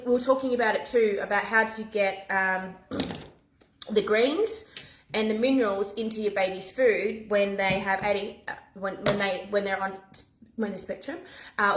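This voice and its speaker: A woman, chatting casually to camera as a mum vlogger, animated and talking in quick bursts with restarts. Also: medium pitch. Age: 40s. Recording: echoey room.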